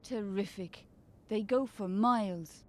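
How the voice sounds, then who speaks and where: A woman's voice: medium pitch, slow pace, a little mellow, lightly acted. An actress playing a teasing, sarcastic young woman in an adventure game. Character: sharp-tongued young woman, teasing sidekick.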